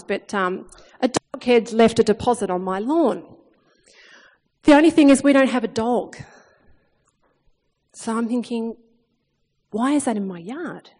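A woman in her thirties preaching a sermon in a chatty, animated way, acting out the lines she quotes. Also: mid-range voice. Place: church hall, long reverb. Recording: reverberant hall sound.

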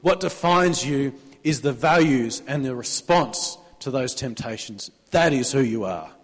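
A man's voice: medium pitch, expressive, measured pace, breathy edge, in a large hall. A man with an Australian accent preaching a sermon in a church, talking conversationally, prompting the congregation to answer amen, with a sore throat. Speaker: pastor.

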